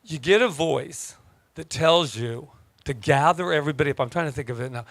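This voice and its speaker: A man preaching a casual sermon as pastor, telling stories in an animated, joking way. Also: fairly high pitch, moderate pace, vocal fry, dry recording. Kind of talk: conversational sermon.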